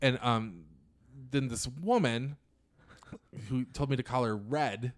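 A middle-aged man spins a story on a podcast, animated and chatty, with lots of "like" and quoted voices. His pitch sits in an ordinary middle range. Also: takes it slowly. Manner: animated, acts out quotes, many filler "like"s. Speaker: podcast co-host telling a story. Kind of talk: casual storytelling chat.

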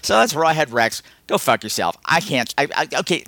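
A man's voice: a little fast, creaky, hardly any pauses, music in the background. A man hosting a casual film review podcast, rambling, sarcastic and exasperated. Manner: animated, with lots of pitch swings. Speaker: podcast host.

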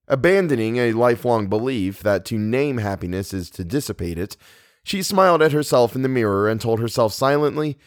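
A man reading a novel aloud as a narrator, measured and expressive. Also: medium pitch, dry recording, studio quality. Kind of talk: audiobook reading.

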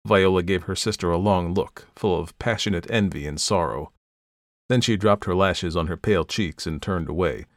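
Low-voiced man reading a classic story. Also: moderate pace, no echo, clean studio sound. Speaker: narrator. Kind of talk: audiobook reading of classic fiction.

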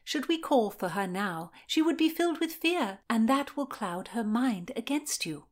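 A quick-witted young gentlewoman, read by a woman, brisk and persuasive. Her voice sits a little higher than a narrator's and presses her case firmly. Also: animated. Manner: brisk and persuasive, raised pitch.

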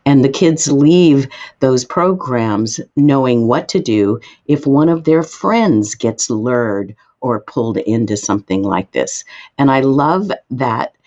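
A woman guest expert answering interview questions, explaining in an emphatic way with sudden lifts in pitch. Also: animated, takes it slowly, mellow, lo-fi sound.

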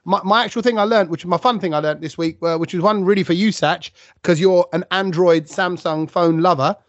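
A man's voice: high-pitched, fairly quick, no echo. A man, co-hosting a casual podcast chat and telling stories with plenty of asides. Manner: chatty, tells stories with asides. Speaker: podcast co-host. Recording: dull lo-fi sound.

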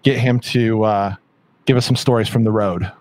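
A man's voice: fairly low pitch, steady tone, moderate pace, darkish tone, slight background noise. A man co-hosting a podcast who keeps the talk moving with easygoing questions. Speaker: podcast co-host. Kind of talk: casual podcast chat.

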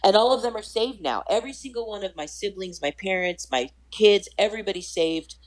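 A woman guest on a podcast telling her personal faith testimony in an earnest, animated way, with self-deprecating humor. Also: mid-range voice, fairly quick, rough recording.

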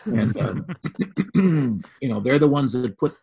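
Gravelly older man telling a story. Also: medium pitch, slow pace, poor audio. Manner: lively storyteller acting out quoted voices. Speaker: podcast guest. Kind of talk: conversational storytelling.

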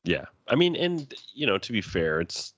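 A man's voice: lowish voice, big pitch swings, normal speed, fairly bright tone, no room sound, muffled recording. A man co-hosting a podcast, talking enthusiastically and acting out his own reactions. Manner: enthusiastic, jumps into quoted reactions. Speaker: podcast co-host. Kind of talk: casual fan chat.

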